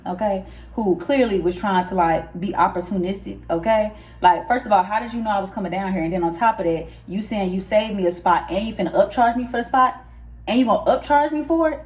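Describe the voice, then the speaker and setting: Animated woman telling a story, AAVE speech. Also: medium pitch. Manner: animated storytelling, acts out both sides, rhetorical asides. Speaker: podcast host. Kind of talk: casual monologue.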